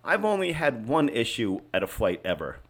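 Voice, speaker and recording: A man's voice: medium pitch, very animated, a bit bright. A man in his fifties co-hosting a casual podcast, talking bluntly with heavy swearing and sarcastic rants. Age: 50s. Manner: profane, blunt and sarcastic, quick to rant. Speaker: podcast co-host. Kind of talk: casual chat.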